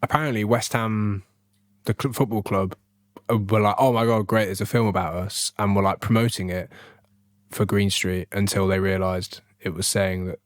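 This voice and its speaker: A man's voice: fairly low pitch, steady tone, moderate pace. A man co-hosting a casual film podcast, rambling and laughing often. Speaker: podcast co-host.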